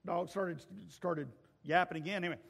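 A male pastor preaching a sermon, telling stories with acted voices and occasional shouts. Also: high voice, fairly even intonation, normal speed, gravelly, big-room sound. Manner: storytelling preacher acting out voices, shouting at peaks. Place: church sanctuary.

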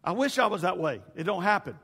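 A man's voice: high voice, big pitch swings, fast, sharp tone, slightly rough. A male pastor preaching a folksy, conversational sermon straight to his congregation. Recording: reverberant hall.

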